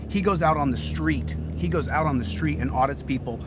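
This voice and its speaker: A man's voice: a little high, brisk, background noise. A man hosting a casual livestream outdoors, hot and sweating, talking in a rambling way with many repeated phrases. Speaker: livestreaming channel host. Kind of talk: casual live-stream chat.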